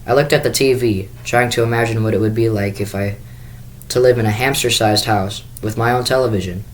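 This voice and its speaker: A man's voice: on the low side, steady tone, a little fast, low-quality recording. A man reading a children's book aloud in first person, with the occasional small restart. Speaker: school staff reader.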